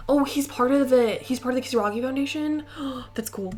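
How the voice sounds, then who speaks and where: A woman hosting a let's play, reacting excitably to the story. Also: high-pitched, brisk, few pauses, faint music behind. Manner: excitable, gasping and laughing at the game. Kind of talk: reactive gameplay commentary.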